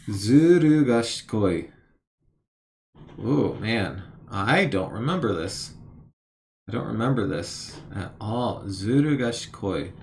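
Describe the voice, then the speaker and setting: Man, middle-pitched, casual vlogger thinking aloud, slow and repetitive, self-deprecating. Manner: musing, repeats words slowly while recalling, self-deprecating. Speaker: language learner vlogger.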